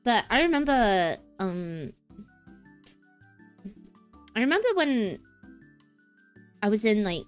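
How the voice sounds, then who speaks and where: A young woman streamer chatting casually and playfully, rambling and giggling between thoughts. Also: fairly high pitch. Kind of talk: casual livestream chat.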